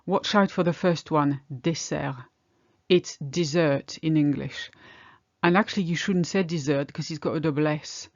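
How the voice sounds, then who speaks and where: A native French woman teaching a pronunciation lesson, slowing down to say each example word clearly. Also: low voice, no room sound, muffled recording. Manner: clear, deliberate, slows down on example words.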